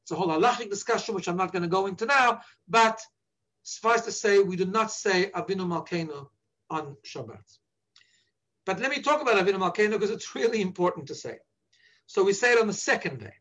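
A man's voice: high voice, expressive, fairly quick, fairly bright tone. A man teaching prayer to listeners as a rabbi, earnest and instructive, patiently repeating page references. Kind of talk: explaining the liturgy to listeners.

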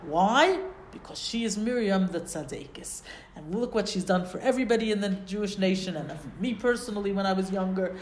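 A woman's voice: mid-range voice, brisk, a little hiss or hum. Woman teaching Torah in a roomy echo. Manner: explains Hebrew phrases, asks rhetorical questions. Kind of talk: Torah lesson.

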